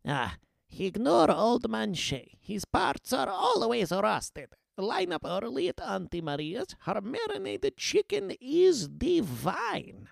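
A man voicing a bossy but fond old grandmother in a read-aloud story, with a fussy, drawn-out way of talking. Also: very high voice, huge pitch swings, vocal fry, no room sound, studio quality, voice pushed up, full character voice. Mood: fussy advice.

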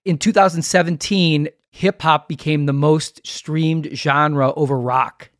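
A man's voice: on the high side, fairly even intonation, measured pace, no room sound, studio quality. A man hosting an interview, talking in a thoughtful way and often checking with "right?". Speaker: interview host. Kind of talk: conversational interview.

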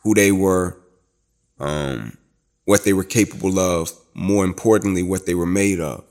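A former student from Atlanta, USA, tells his story as an interview guest. His deep voice moves a little slowly, and he speaks emphatically like a preacher, building to loud, rising climaxes.

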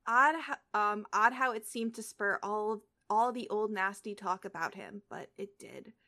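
A woman's voice: medium pitch, unhurried, sharp tone. A young woman reading a story aloud on a casual podcast, stumbling and restarting now and then. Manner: reads aloud with slips and restarts, breaks off into chat full of "like". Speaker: podcast co-host reading fan fiction aloud.

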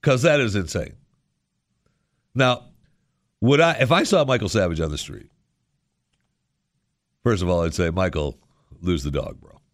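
Radio host guy, low voice, rambling and sarcastic, dry close studio mic. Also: unhurried, long pauses, no echo. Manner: rambling, sarcastic, animated asides. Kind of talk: casual radio monologue.

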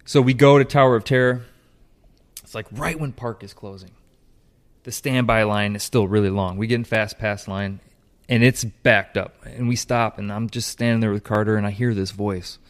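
A man with a fairly low voice tells a story in casual chat, animated and loose. He swears freely and slips into the voices of the people he quotes, keeping the talk lively and conversational. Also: normal speed. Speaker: co-host telling a story.

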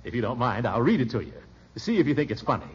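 An actor playing a blustering, flustered middle-aged official who stammers and chuckles, in 1940s radio acting style on a dull old recording. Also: male voice, mid-range voice, sing-song, fast, natural voice. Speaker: pompous small-town official.

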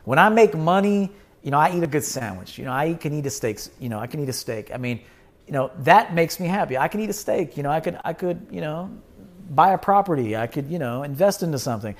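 A man with a slightly high voice talks straight at his listeners as the host of his own show. He is blunt and emphatic, swears freely and hammers points home by repeating them. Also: animated, fast. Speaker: podcast host. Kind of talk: casual livestream monologue.

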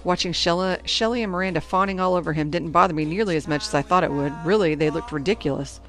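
A woman reading a first-person teen novel aloud in a lively storytelling manner. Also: lowish voice, fast, faint music behind. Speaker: audiobook narrator.

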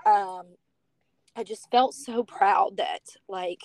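A woman's voice: medium pitch, slow pace, darkish tone, no echo. A woman from the United States telling her personal story as a guest on a podcast, chatty and heartfelt, with lots of "you know" and "like".

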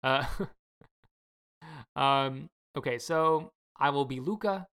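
Low-voiced woman co-hosting a podcast, wry and rambling. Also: slow pace, a bit bright, clean tone. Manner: chatty, sarcastic, lots of fillers. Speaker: podcast co-host. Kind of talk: casual chat.

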